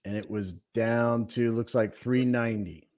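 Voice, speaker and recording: A man's voice: medium pitch, steady tone, a little slow, very noisy. A man co-hosting a casual livestream, hesitant and full of fillers. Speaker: livestream co-host.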